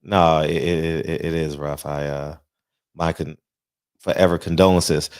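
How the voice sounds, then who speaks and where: A male host in a casual interview chat, halting and often restarting his sentences. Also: very deep voice, flat delivery, a little mellow, smooth, no echo, studio quality.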